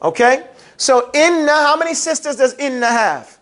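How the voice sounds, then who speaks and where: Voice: high voice, lively intonation, normal speed, fairly bright tone. A teacher giving a classroom grammar lesson, prompting students to repeat words and explaining with everyday examples. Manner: call-and-response prompting, plain everyday examples.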